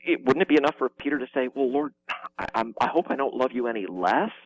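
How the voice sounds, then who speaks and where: A man as an interview guest, explaining with emphatic energy and quick restarts. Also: medium pitch, animated, a little hiss or hum, low-quality recording. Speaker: guest explaining biblical evidence.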